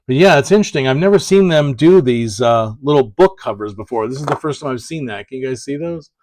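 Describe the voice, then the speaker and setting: A man's voice: mid-range voice, animated, a little fast, a little mellow, dry recording. A man talking casually about prints as he opens packages, rambling and correcting himself with many fillers. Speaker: print collector vlogger. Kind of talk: casual package-opening chat.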